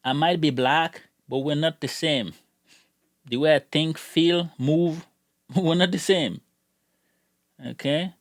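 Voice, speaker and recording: A man's voice: a little high, slow, long pauses, no echo. Middle-aged male YouTuber, heated rambling rant, dry close sound. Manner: heated, rambling, repeats words when worked up. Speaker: gun channel YouTuber. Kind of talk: casual ranting vlog.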